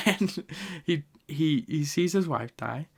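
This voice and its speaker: Gravelly-voiced man, emotional podcast retelling. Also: fairly high pitch, slow pace. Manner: animated, emotional retelling with laughs. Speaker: podcast host. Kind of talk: casual podcast ranking.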